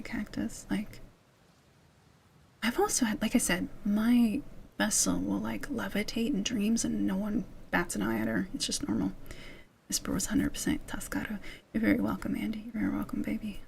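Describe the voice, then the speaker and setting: A young woman streamer whispering soft, rambling ASMR chat with many fillers, speaking into a mic held close to her chest. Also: mid-range voice, vocal fry, slight background noise. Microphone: close mic held near the chest.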